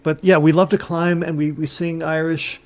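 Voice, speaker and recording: A man's voice: fairly high pitch, normal speed, lightly acted. A man playing a rich, earnest, naive climber. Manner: deadpan, earnestly self-important. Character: wealthy naive male climber, self-absorbed. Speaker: podcast co-host. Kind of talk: improvised comedy sketch.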